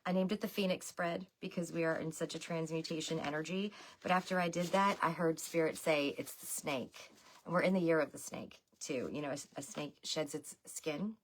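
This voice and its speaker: A woman's voice: low voice, steady tone, a little fast, few pauses, a little hiss or hum. A woman giving a loose, chatty tarot reading to her viewers, talking to them as y'all. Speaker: tarot reader. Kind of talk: casual livestream tarot reading.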